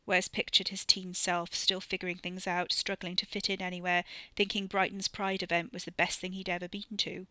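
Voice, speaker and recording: Woman narrator, bright and crisp, steady measured read, dry studio sound. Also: fairly low pitch, dry recording. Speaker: audiobook narrator. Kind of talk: scripted narration.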